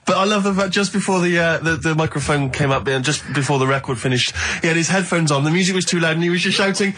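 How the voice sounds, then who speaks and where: Quick, dry-witted male co-host. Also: fairly high pitch. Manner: dry, wry deadpan humour. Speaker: radio co-host. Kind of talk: casual radio banter. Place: radio studio. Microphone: studio microphone.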